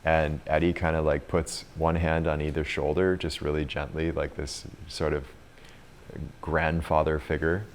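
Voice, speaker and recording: Very deep-voiced man telling a story. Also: flat delivery, unhurried, a little hiss or hum. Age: 30s. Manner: chatty, laughs often, many "like" fillers. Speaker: retreat leader and coach. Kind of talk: casual storytelling to a retreat group. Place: retreat room with a group.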